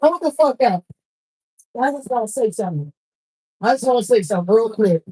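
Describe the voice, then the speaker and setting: A woman's voice: on the high side, animated, brisk, mellow, husky, rough recording. A woman hosting a live poetry show on stage into a handheld mic, with loose, profane banter and frequent laughs. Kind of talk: casual live emcee banter.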